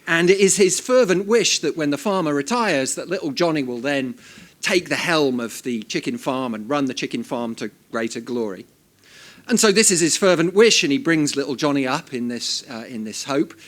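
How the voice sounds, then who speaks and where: A man's voice: fairly high pitch, animated, normal speed. A middle-aged man giving a humorous after-dinner talk with dry, self-deprecating jokes, speaking into a handheld microphone before an audience at an event. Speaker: invited speaker.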